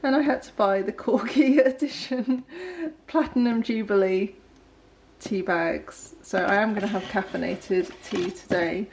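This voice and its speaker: A young woman, chatting casually in a home kitchen while filming a relaxed day-in-the-life vlog, rambling with frequent ums and little laughs. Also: mid-range voice, a little slow, gravelly, slight background noise. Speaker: vlogger.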